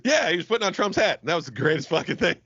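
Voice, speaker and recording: A man co-hosting a podcast in casual chat, loud and laughing, swearing a lot. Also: sits high, very animated, racing, breathy edge, no echo. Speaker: podcast co-host. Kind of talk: casual profane banter. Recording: dull lo-fi dry recording.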